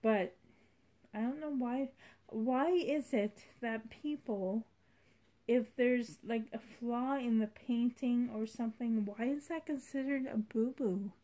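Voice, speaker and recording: A woman's voice: fairly high pitch, slow. A woman vlogging about her doll collection in a rambling, heartfelt way. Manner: rambling, heartfelt, soft-spoken. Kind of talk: casual vlog chat.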